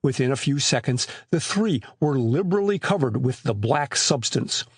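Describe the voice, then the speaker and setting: A man narrating an audiobook with expressive, scripted storytelling on a close mic. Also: medium pitch, normal speed, breathy edge, no echo.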